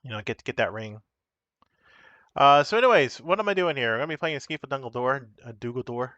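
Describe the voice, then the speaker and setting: A man's voice: mid-range voice, animated, fast talker, fairly bright tone, no echo, muffled recording. A man casually chatting on a live stream as he shows and explains the cards of a solo card game, rambling and correcting himself as he goes.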